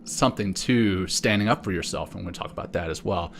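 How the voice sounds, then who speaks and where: A man's voice: deep voice, fast talker, creaky, a little hiss or hum. A middle-aged man from South Africa, co-hosting a podcast and telling a personal story in a conversational way. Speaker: podcast co-host. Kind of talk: casual podcast chat.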